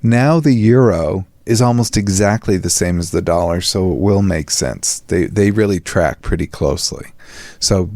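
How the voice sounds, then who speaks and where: A man's voice: sits low, moderate pace, a little mellow, no echo. A man hosting a psychology talk show, chatting casually and laughing often in rambling asides. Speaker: podcast host. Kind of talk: casual chat.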